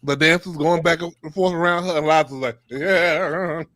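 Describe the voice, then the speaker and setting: A man's voice: on the high side, steady tone, a little fast, fairly bright tone, no room sound. Playful male co-host, dry sound. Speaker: podcast co-host. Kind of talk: casual chat.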